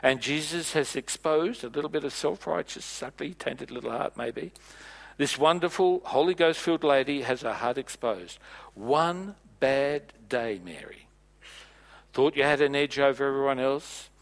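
A man preaching a sermon in a church, playful and animated, acting out bits of dialogue as he goes. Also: medium pitch, measured pace, vocal fry.

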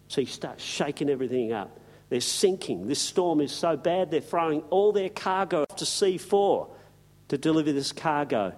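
A man's voice: on the high side, moderate pace, a little mellow. A man preaching a sermon, telling the story in a folksy, emphatic way with slang and asides.

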